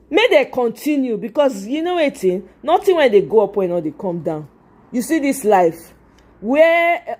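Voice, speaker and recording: A woman's voice: fairly high pitch, warm tone. A Nigerian woman hosting a livestream, talking back to her chat in Pidgin-flavoured English with an exasperated manner. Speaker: livestream host. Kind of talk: casual livestream commentary.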